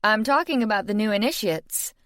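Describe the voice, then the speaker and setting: A woman's voice: medium pitch, lively intonation, a little fast, fairly bright tone, dry recording, studio quality, voice pushed up, natural voice. A woman voicing a stern housekeeper woman who scolds sharply, in an audiobook. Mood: scolding.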